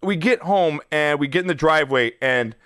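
A young man in his twenties hosting a podcast, telling a story in an animated, profane, laughing way. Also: a little high, normal speed, clean tone, no echo, clean studio sound. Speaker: podcast host. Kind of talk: casual storytelling.

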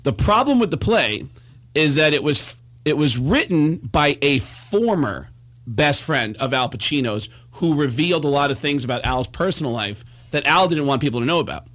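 A man, a comedian guest, telling a story in animated bursts, stammering and laughing as he goes. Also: a little high, moderate pace. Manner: animated, stammering restarts, laughs through lines. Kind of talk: comic storytelling.

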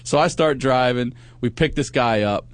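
A man's voice: medium pitch, moderate pace, no room sound. A man on a podcast, telling a rambling, profane road story with plenty of laughs. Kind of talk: casual storytelling chat.

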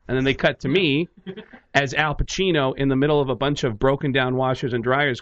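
A male comedian and voice actor, guest on a talk show, telling stories with lively energy and slipping into voices. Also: medium pitch, brisk, no room sound, highs cut off. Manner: lively, acts out every quote in voices. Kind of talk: animated storytelling on a talk radio show.

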